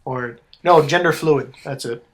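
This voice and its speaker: A young man hosting a casual improvised story, relaxed and joking with plenty of fillers. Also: a little high, unhurried.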